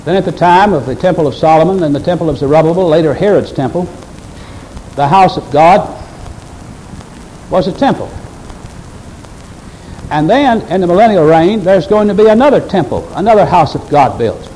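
A man's voice: a little high, animated, moderate pace, pauses often, mellow, a little hiss or hum, poor audio. A male pastor preaching a sermon earnestly and emphatically, speaking straight to his congregation.

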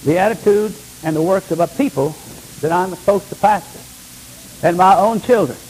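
An older man, a pastor, preaching a sermon with emphatic delivery, dropping to hushed lines and rising to loud ones. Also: high voice, normal speed, slight background noise, rough recording.

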